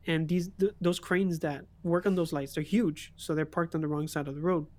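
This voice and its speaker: A man's voice: a little high, steady tone, moderate pace, darkish tone. A young man streaming, telling a story in casual chat and laughing often.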